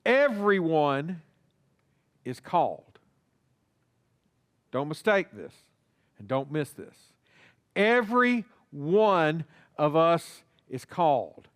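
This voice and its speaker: A man's voice: fairly high pitch, fairly bright tone, clean tone, no echo, clean studio sound. A male pastor preaching a sermon in a church, talking to the congregation and acting out little dialogues. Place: church sanctuary.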